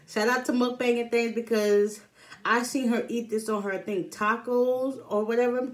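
A woman's voice: a little high, fairly even intonation, normal speed. A young adult woman chatting casually to her camera as a food vlogger, upbeat and informal. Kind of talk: casual eating-show chat to camera.

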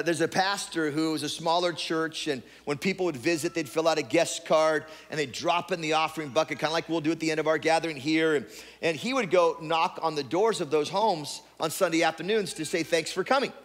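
A man preaches a Sunday sermon in a high voice, talking loosely and often restarting his phrases. His words ring out with a long reverb across a church sanctuary. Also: a bit bright. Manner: repetitive restarts, conversational preaching. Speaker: pastor.

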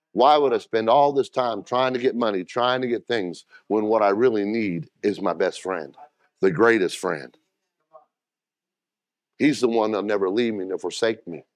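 A man's voice: fairly low pitch, dry recording. A middle-aged man preaching a sermon as pastor, talking plainly and directly to the congregation and calling for responses.

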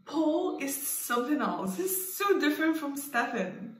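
A woman's voice: high voice, measured pace, recorded from a distance, noisy background. A woman hosting a reaction video, gushing and laughing as she comments casually. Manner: giggly, gushing and excitable. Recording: roomy sound with loud background music.

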